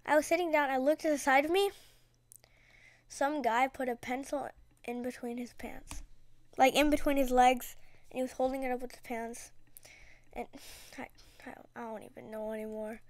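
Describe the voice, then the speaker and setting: High, dry-voiced chatty gamer woman. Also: steady tone, normal speed, long pauses, dry recording. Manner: chatty, dramatic, slangy, rambling. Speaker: gaming video creator. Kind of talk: casual gameplay commentary.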